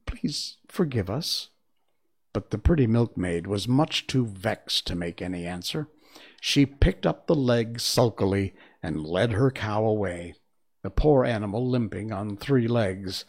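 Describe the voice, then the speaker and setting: A man reading a fairy tale aloud in an expressive storytelling manner. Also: lowish voice, unhurried. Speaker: narrator.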